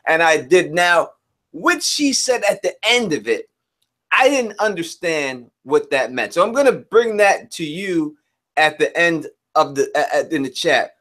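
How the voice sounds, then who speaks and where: A man co-hosting a live-stream review show, talking casually in a laid-back way and shouting out viewers in the chat. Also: fairly high pitch, sing-song, unhurried.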